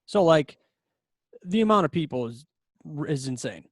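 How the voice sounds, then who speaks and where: A man's voice: on the high side, moderate pace, dry recording, studio quality. A young man co-hosting a casual podcast, telling a story with lots of laughs. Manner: animated storyteller, laughs often. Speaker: podcast co-host. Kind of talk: casual chat.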